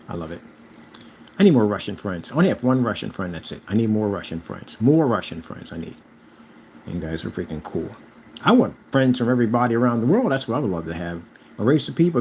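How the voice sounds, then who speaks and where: A man rants to his own channel in a boastful, challenging way. His voice sits at an ordinary pitch and swings from loud calls to low mutters. A faint background noise runs under the recording. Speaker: channel host. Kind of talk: casual rant to camera.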